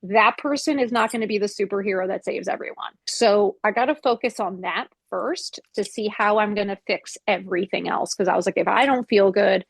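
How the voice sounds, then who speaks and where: A woman in her fifties, a podcast guest, telling her story with blunt, expressive candor, swearing freely and acting out her own past words. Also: medium pitch, brisk, vocal fry, few pauses, husky, no echo. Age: 50s. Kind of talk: candid interview storytelling.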